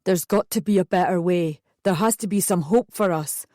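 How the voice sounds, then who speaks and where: A woman reading an audiobook, voicing a tearful young man who speaks earnestly and quietly to his partner. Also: on the low side, moderate pace, no room sound, clean studio sound, close to an everyday voice. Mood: pleading.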